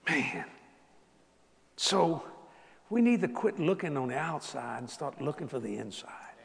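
Older Cajun preacher, animated and folksy, slightly high voice, lots of laughter, big reverberant hall. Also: male voice, unhurried, vocal fry. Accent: Cajun Southern US. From South Louisiana. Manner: animated, laughing, Southern drawl, rising to exclamations. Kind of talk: folksy storytelling sermon.

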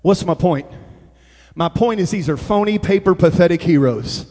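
A man preaching a comic sermon, telling stories in a chatty way that builds to shouting. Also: sits high, lively intonation, moderate pace, big-room sound.

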